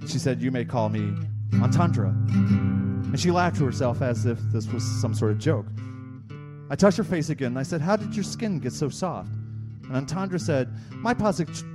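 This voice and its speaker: A man performing a rhythmic spoken-word slam poem live on a stage mic, repeating lines and building to shouts. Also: medium pitch, expressive, normal speed, loud music behind the voice. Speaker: slam poet.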